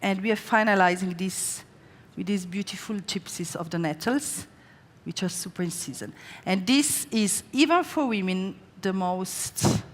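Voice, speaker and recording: A woman's voice: medium pitch, a little hiss or hum. Chatty chef woman in a reverberant hall. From Slovenia. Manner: chatty, fast storytelling with lively quoted voices. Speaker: chef giving a stage cooking demonstration. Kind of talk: live cooking demonstration and talk. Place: large event stage with audience. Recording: long hall reverb on stage.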